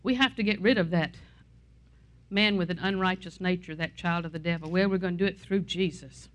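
A woman's voice: on the low side, fairly quick. A middle-aged woman pastor preaching a sermon in a conversational way, with asides and anecdotes.

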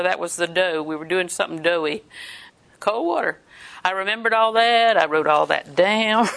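Older woman preaching, bright folksy voice. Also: mid-range voice, a little fast, creaky. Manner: folksy storytelling, laughs often. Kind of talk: sermon with personal stories.

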